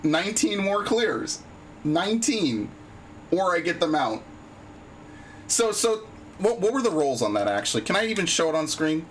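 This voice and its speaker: Male streamer, frustrated and profane, slightly high, lively pitch. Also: normal speed, long pauses, slight background noise. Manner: frustrated, swears a lot. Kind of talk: casual live-stream chat while gaming.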